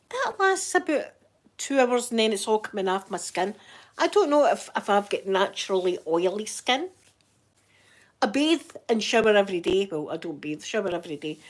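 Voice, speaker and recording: A woman with a broad Scottish accent chatting casually on a livestream, reading out viewer names and laughing often. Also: on the high side. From Scotland. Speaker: livestreaming YouTuber. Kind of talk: casual live chat.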